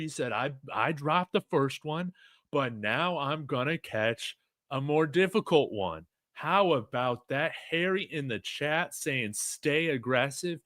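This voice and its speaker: A man giving live play-by-play reactions as a fan, reading chat comments aloud and shouting on big plays. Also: fairly high pitch, animated, slow pace, no echo, clean studio sound. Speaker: fan watch-along commentator.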